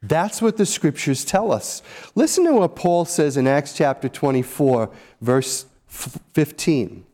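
A man's voice: on the high side, lively intonation, unhurried, mellow. A male pastor preaching a sermon in an earnest, emphatic way, repeating key phrases.

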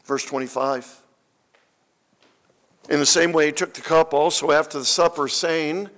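A man's voice: on the high side, steady tone, normal speed, pauses often, a bit bright. A man preaching a sermon as pastor, emphatic and repeating key phrases for weight.

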